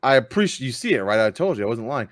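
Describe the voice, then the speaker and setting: In studio-quality audio with no echo, a man with a medium-pitched, sing-song voice talks at a quick pace. He is a podcast host on a live-streamed gaming talk show, chatting loosely with plenty of fillers and the odd swear.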